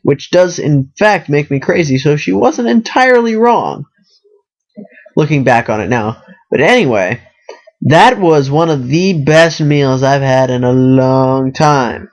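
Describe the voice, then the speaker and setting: A man's voice: on the high side, expressive, measured pace. A college-age man hosting a podcast, rambling casually and filling his talk with "you know" and "like". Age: young adult. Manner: rambling, self-deprecating, fills with "you know" and "like". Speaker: podcast host. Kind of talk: casual monologue.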